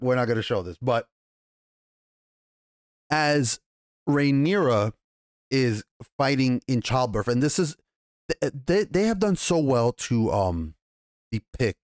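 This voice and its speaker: New york dude reviewing a tv finale, swearing a lot, animated rambly recap, mid-pitched voice, dry close mic. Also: male voice, dry recording. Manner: animated, profane, loose retelling with acted quotes. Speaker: TV show reviewer.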